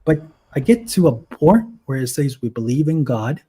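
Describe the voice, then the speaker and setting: A man's voice: mid-range voice, sing-song, moderate pace, warm tone, husky. A man in his twenties on a video call, telling his story earnestly and with emotion in a casual livestream chat. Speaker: guest.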